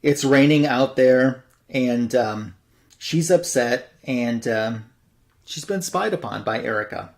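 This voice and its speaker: A man's voice: mid-range voice, animated, slow, creaky. A man hosting a comic book show, casually retelling a story in a loose, rambling way full of fillers. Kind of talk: casual plot recap.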